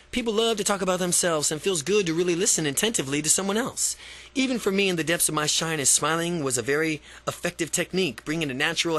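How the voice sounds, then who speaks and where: Male audiobook reader, somewhat high voice, self-help text, halting delivery with repeats and off-script asides. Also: a bit bright. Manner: stumbling, repeats and restarts phrases. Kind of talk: reading a self-help book aloud.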